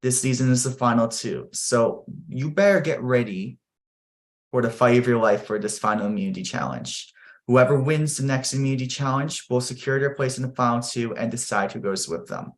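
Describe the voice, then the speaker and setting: Man hosting and reading out votes. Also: medium pitch. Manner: measured, announcing votes one by one. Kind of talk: online game show hosting.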